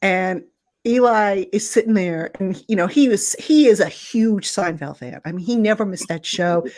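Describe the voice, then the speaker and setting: A woman sports reporter telling a lively story in casual conversation, acting out the people she quotes. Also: medium pitch, moderate pace. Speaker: guest, football beat reporter. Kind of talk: storytelling in a casual podcast chat.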